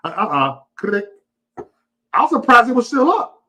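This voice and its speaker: A man reacts to a clip on his live stream, excited and profane. His voice is husky, fairly high and lively. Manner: excited, cursing, quick reactions. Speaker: channel host. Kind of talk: casual live-stream commentary.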